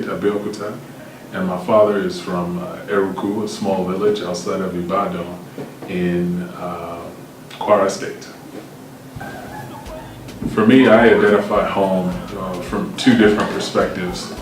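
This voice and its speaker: A man, a portrait photographer from the United States, speaking deliberately with occasional filler sounds in an interview. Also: low voice. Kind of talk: interview talk. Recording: roomy, distant mic, music underneath.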